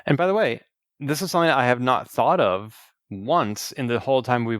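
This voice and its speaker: A man's voice: mid-range voice, normal speed. A man co-hosts a podcast in easy, rambling chat, often restarting his sentences. His voice sits in a middle register. The sound is dry and close, with no room echo. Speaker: podcast co-host. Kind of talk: casual chat.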